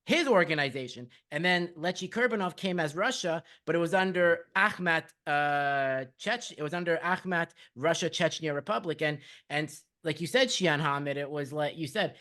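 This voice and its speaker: A male podcast host who talks in eager, rambling bursts, tripping over his words as he tells a story. His voice sits a little on the higher side. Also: moderate pace, hardly any pauses. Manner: excited, rambling storyteller with many restarts and "like". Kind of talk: casual conversational interview.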